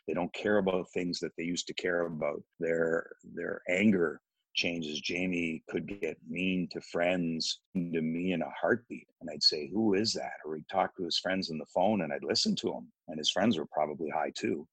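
Husky, deep-voiced earnest father. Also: steady tone, a bit bright, no echo, poor audio. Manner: earnest, pleading, pausing. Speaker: father, foundation founder, guest. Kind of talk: interview answers, personal story.

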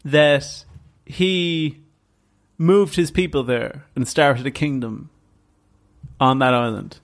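A man co-hosting a podcast, reading a scripted story and then hedging playfully when he is questioned. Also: medium pitch. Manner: reads in measured tones, then hedges and stalls playfully when questioned. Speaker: podcast co-host presenting the story. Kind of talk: scripted narration mixed with casual banter.

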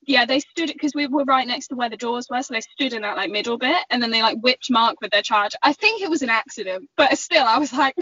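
A young woman, chatting on a podcast and acting out an animated story with lots of giggles. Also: on the high side, fairly quick, dry recording. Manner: animated, giggly, acts out quoted voices. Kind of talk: casual storytelling chat. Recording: slightly muffled, dry sound.

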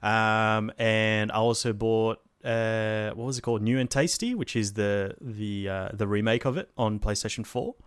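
Laid-back low-voiced man, rambling. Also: normal speed, hardly any pauses, clear, resonant tone, no echo, clean studio sound. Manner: rambling with many fillers and restarts, swears casually. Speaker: podcast co-host. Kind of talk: casual chat about video games.

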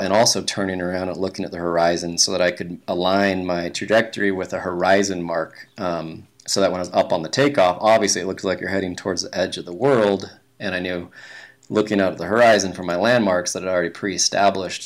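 Low-voiced man telling a ski story. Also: fairly quick. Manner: relaxed, rambling, many fillers and restarts. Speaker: guest, big-mountain skier. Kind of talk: casual interview storytelling.

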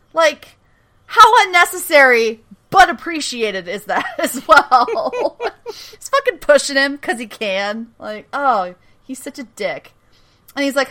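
A woman co-host chats through an episode recap in a bright, forceful voice. She is animated and giggly and swears casually as she retells scenes. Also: medium pitch. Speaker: podcast co-host.

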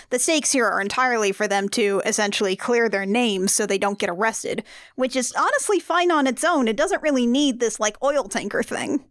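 A woman's voice: on the high side, a bit bright, no room sound. Wry woman with a dry, close sound. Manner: wry, joking commentary. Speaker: podcast co-host. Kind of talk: casual movie recap chat.

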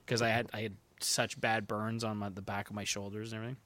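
A man chatting casually on a podcast, chiming in with quick quips and the odd swear. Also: on the low side, level tone, a bit bright. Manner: easygoing, chimes in with quips and swears. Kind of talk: casual chat.

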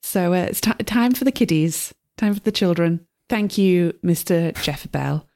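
A woman's voice: on the low side, measured pace, a little mellow. A woman playing her character in a tabletop game, flustered and overly polite. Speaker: player. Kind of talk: in-character tabletop role-play.

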